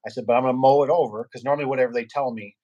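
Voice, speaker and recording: Man, garage door business owner, casual podcast chat, rambling storyteller, mid pitch. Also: steady tone, very fast, darkish tone, dull audio. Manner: rambling storyteller, acts out quoted people.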